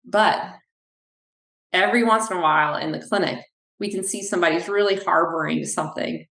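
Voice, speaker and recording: Woman pt chatting on a podcast, lowish voice, tells stories, acts out the lines, kinda echoey room. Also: a little fast, vocal fry. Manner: animated, acts out quoted dialogue. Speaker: physical therapist, clinic owner. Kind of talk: podcast interview, conversational storytelling.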